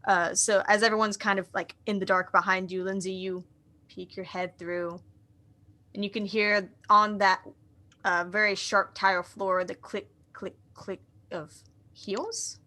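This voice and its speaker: A woman narrating a live tabletop role-playing game as game master, setting scenes in a measured, descriptive way. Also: mid-range voice, little pitch movement, pushed and bright.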